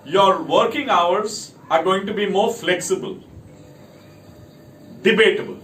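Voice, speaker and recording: Recorded from a distance in an echoey room with a little noise, a man from India addresses the camera on behalf of a company. He runs through a list of points with emphatic delivery in a high, fairly bright voice.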